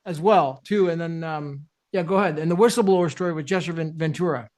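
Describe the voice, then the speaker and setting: A male host gently steers the conversation back on track in short prompts. His voice is a little higher than average and comes across softly. It is an ordinary interview exchange. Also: a little fast. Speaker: podcast host.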